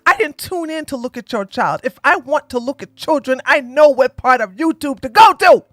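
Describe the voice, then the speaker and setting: High, lively sassy woman ranting. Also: normal speed, no echo, studio quality, faint music behind. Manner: blunt, sassy, loud rants with laughter. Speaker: commentary streamer. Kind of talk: reaction commentary on a clip.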